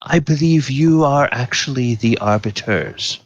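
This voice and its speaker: A man's voice: mid-range voice, measured pace, dry recording, highs cut off. A man voicing a polite, flustered male goblin doorman in a tabletop game. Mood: flustered politeness. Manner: polite, flustered, hesitant with many ums. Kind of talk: tabletop role-play.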